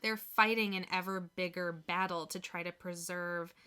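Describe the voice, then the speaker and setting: A woman's voice: fairly low pitch, steady tone, normal speed, sharp tone, smooth. A woman from the American Midwest co-hosting a podcast, chatting casually and laughing often. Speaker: podcast co-host. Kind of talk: casual chat.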